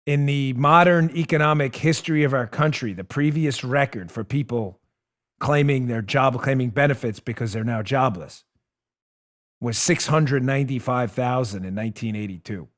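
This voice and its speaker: A man hosting a political talk show, delivering an emphatic monologue straight to his listeners, dropping low and quiet and then building up loud. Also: moderate pace. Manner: emphatic, swings between hushed and raised; addresses listeners directly.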